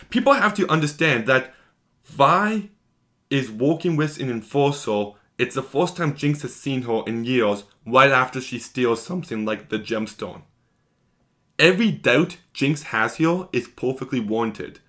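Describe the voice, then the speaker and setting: A man's voice: mid-range voice, lively intonation, moderate pace, fairly bright tone. A man giving an enthusiastic, gushing episode recap as a video reviewer, talking in long run-on strings.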